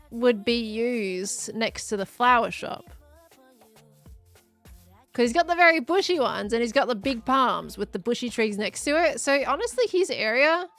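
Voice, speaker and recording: A woman streamer talks to her chat as she plays, musing aloud and asking viewers questions in a loose, friendly way. Her voice sits a little high with a gravelly edge, and soft game music runs underneath. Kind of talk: casual live-stream chatter while gaming.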